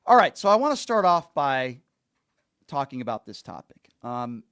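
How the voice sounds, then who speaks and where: An earnest man hosting a call-in talk show. He pushes his points hard and circles back to repeat them for emphasis, in a voice of ordinary middle pitch. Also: big pitch swings, moderate pace, fairly bright tone, clean tone.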